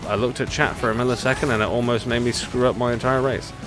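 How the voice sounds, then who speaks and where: A man's voice: mid-range voice, steady tone, a little fast, few pauses. A man streaming a racing game live, chatting in a rambling way and laughing often as he plays. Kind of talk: live gameplay commentary. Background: racing game music.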